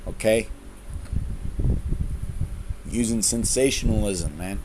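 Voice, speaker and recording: A man preaching at his viewers in a rough, profane rant. He keeps repeating himself and tags nearly every line with "okay?" or "man". An air conditioner hums loudly behind him. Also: fairly low pitch, slow. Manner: swears a lot, tags lines with "okay?" and "man"; repeats and restarts phrases. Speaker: religious video host. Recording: noisy room with air conditioner hum.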